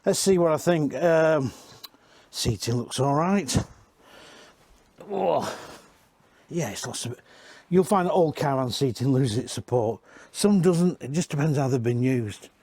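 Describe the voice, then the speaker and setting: A man's voice: medium pitch, expressive, unhurried, darkish tone, no room sound. A man giving a casual, rambling walk-around tour inside used caravans, chatting and correcting himself as he goes. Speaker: caravan industry reviewer.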